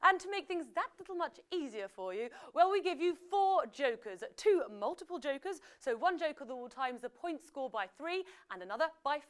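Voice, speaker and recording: A woman's voice: high-pitched, big pitch swings, moderate pace, few pauses. A British woman hosting a live quiz show, chatty and full of jokey asides between the questions. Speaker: quiz host.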